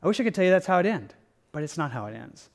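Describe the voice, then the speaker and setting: High-voiced man preaching a sermon. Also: sing-song, racing. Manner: conversational, earnest, with restarts and "like" asides. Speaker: pastor.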